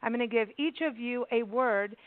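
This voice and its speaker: A woman radio host chats loosely and a little giggly, tripping into restarts as she goes. Her voice sits a touch high and comes through a thin, tinny phone line with no room sound at all. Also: normal speed, dry recording. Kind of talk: casual interview chat.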